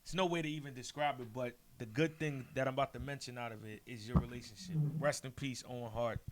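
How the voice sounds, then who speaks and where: A man's voice: mid-range voice, quick pace. Casting: male podcast host, laid-back and rambling, light hiss behind. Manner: casual, rambling questions with fillers. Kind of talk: casual interview.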